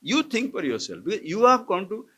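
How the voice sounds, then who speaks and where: With a high-pitched, slightly bright, breathy voice that swings widely in pitch, an Indian swami teaches scripture briskly before a camp audience. In the ashram's lecture hall he questions listeners and chuckles frequently during the live discourse.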